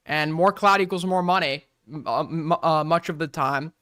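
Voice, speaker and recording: A man's voice: fairly high pitch, moderate pace, bright, forceful tone, smooth, no room sound, studio quality. A man with a New York accent from Long Island, ranting profanely and sarcastically in casual livestream commentary. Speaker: streamer reacting to drama.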